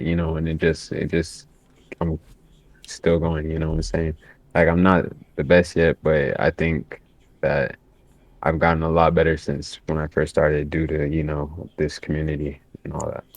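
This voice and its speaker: Man, very low voice, casual podcast chat, laid-back, filler-heavy. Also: no room sound. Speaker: podcast guest editor.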